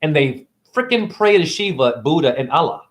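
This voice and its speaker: A man speaks to camera in a voice that sits a little high for his sex. He rambles from point to point, preaching and swearing freely as he goes. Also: sing-song, normal speed. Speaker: spiritual video blogger.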